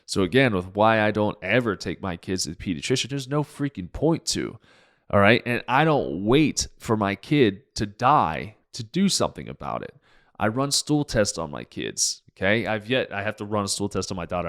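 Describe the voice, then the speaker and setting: A man's voice: on the low side, lively intonation, moderate pace, fairly bright tone. A man hosting his own show as a naturopathic doctor, ranting in a fired-up way, swearing freely and jumping from point to point. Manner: jumps between topics, many restarts. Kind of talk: podcast monologue.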